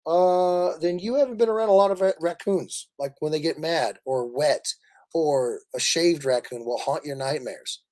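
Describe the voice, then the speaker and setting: A man from Kansas City, Missouri, hosting a casual livestream, animated and laughing as he rambles through stories. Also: a little high, moderate pace. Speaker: livestream host.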